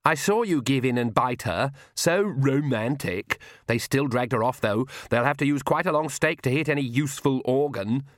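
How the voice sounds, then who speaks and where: A man's voice: mid-range voice, expressive, normal speed, hardly any pauses, no echo, studio quality, voice pushed up, close to an everyday voice. A man voicing a sneering, haughty young female vampire in a snide, scornful tone.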